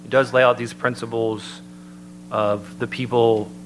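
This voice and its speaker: Man, mid-low voice, earnest measured preaching delivery, recording carries a steady hum. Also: rough recording. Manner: measured, earnest, citing scripture. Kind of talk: sermon-style talk. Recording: noticeable background hum.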